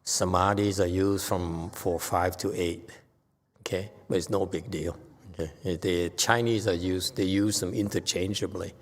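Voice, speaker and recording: A male Buddhist teacher giving an animated, emphatic dharma lecture. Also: low-pitched, a little slow. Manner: animated, emphatic, voices dramatic quotes. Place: temple lecture hall. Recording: long hall reverb.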